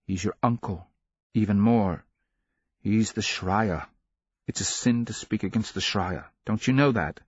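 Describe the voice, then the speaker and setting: A man's voice: on the low side, a little slow, slightly rough, no echo, highs cut off. A man voicing a stern, anxious noble mother who is an empress, speaking firmly and admonishing a child in an audiobook. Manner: firm, admonishing. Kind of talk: audiobook character reading.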